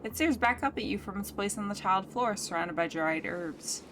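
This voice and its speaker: A woman's voice: medium pitch, normal speed, background noise. A woman streaming a story game, reading narration aloud and fretting in muttered asides. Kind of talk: let's play commentary and narration reading.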